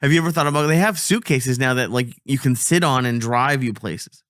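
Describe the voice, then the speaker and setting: A man's voice: medium pitch, a little fast, a bit bright, no room sound, clean studio sound. A man hosting a casual chat, laughing a lot and chiming in with short reactions.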